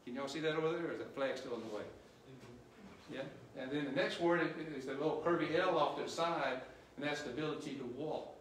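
A male missionary preacher delivering a sermon, quizzing the congregation with questions and growing loud and emphatic at his peaks. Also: a little high, quick pace, slight background noise. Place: church sanctuary. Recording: roomy church echo, distant mic.

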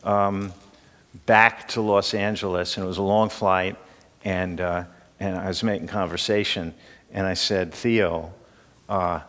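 An older man with a fairly low voice teaches a class in a relaxed, conversational way, asking his students questions as he goes. His voice carries a long reverb, as if he were in a large lecture hall. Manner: conversational, asks the room questions, chuckles.

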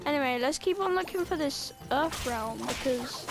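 A woman's voice: sits high, moderate pace, few pauses. A woman hosting casual gameplay commentary, rambling with lots of fillers and blunt asides. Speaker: gameplay host. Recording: game music behind the voice.

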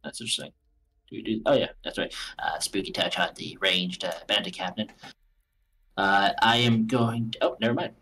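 A man's voice: fairly low pitch, moderate pace, sharp tone, slightly rough. A man playing a tabletop game who jokes, swears and talks through his character's moves. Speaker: player.

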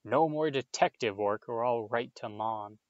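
A man's voice: medium pitch, a little slow, no echo, muffled recording, natural voice. A man voicing a bossy teenage prefect who scolds in a fussy, stern way.

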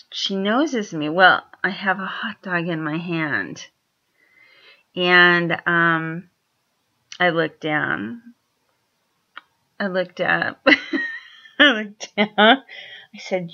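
A woman speaks slowly, telling rambling animal stories in a casual monologue. Her voice is low and bright, and she chuckles often and restarts her sentences. The recording is dull and lo-fi. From Washington State.

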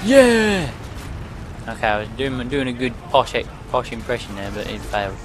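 A man with a desk microphone giving excitable, swearing, self-mocking commentary on his own gameplay. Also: mid-range voice, fairly quick, soft background music. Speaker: gaming channel host. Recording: loud game sounds behind. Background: gunfire and vehicle noise from the game.

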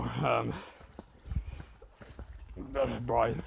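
A man's voice: medium pitch, takes it slowly, vocal fry, pauses often. An Irish man in casual joking banter on a walk, swearing and laughing often, recorded on a phone outdoors with noise. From Ireland. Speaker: vlog co-host. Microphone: phone held while walking.

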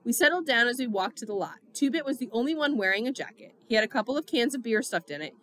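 A woman narrating a novel in the first person with steady storytelling. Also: a little high, fast talker. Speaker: audiobook reader.

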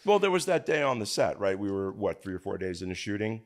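Middle-aged guy, real deep voice, stop-start way of talking on a chat show. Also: very animated. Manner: halting, restarts often, then emphatic. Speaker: filmmaker guest. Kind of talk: casual conversation.

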